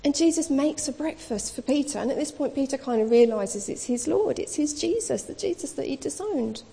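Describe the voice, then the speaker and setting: A woman's voice: high voice, expressive, brisk, creaky, warm tone. A woman preaching a sermon, telling the story casually and acting out the quoted dialogue. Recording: long reverb of a hall.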